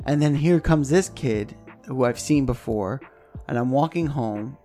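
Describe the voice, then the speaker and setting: A man co-hosting a podcast, telling a profane, animated story in casual chat and acting out the voices. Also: mid-range voice, a little slow, soft background music. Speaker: podcast co-host.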